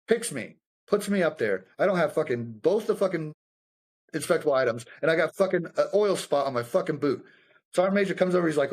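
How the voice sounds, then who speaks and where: Profane, animated male army veteran storyteller. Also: mid-range voice, fast. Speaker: guest, combat veteran. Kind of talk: casual storytelling conversation.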